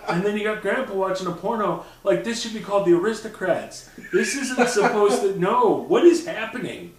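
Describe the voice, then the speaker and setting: A man with a fairly high voice chats loosely and profanely, swinging into quick impressions as he goes. He sits back from the mic, and the room rings around him. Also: recorded from a distance, background noise. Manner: animated, profane, mimics voices. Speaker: podcast co-host. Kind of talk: casual chat. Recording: roomy, off-mic sound.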